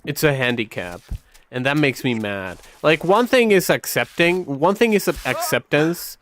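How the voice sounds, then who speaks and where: A man's voice: a little high, expressive, measured pace, fairly bright tone. A young man commentating his gameplay in a casual, rambling way, often heated, swearing and repeating himself. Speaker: gaming streamer.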